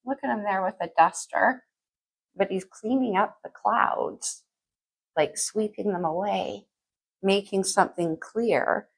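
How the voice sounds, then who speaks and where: Husky-voiced woman doing a chatty tarot reading. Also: medium pitch, measured pace, rough recording. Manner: chatty, thinks aloud, sings lyrics softly. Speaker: tarot reader.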